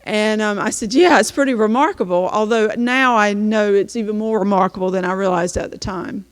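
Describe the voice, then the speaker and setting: A woman teacher walks an audience through her slides and tells the story in an easy, chatty way, stopping often on an "um." Her mid-pitched voice rings out through a large hall with a long reverb tail. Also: fairly quick. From North Carolina, US. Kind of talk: slideshow presentation.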